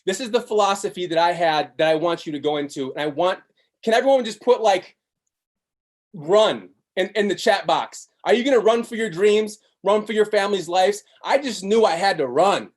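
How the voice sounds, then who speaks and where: Hyped-up man chanting sales slogans. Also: normal speed. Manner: energetic, chanting repeated slogans, swinging pitch. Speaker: network marketing presenter. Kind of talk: hype motivational sales pitch on a live webinar.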